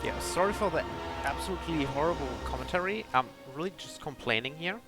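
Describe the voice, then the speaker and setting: A man's voice: fairly high pitch, animated, fast, loud music behind the voice. Angry young man ranting over a game. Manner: angry complaining, swearing. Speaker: gaming commentator. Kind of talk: frustrated game commentary.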